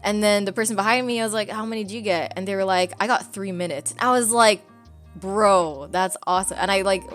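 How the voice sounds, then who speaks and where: A woman streamer chatting casually, telling a long story in an excitable, rambling way full of fillers. Her voice sits in an ordinary middle pitch. Faint music plays underneath. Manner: rambling, filler-heavy, excitable with frequent laughs.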